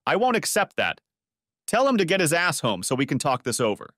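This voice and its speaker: A man voicing a furious, shrill woman who yells and curses, in a storybook reading. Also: very animated, moderate pace, no echo, clean studio sound. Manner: yelling, cursing, shrill.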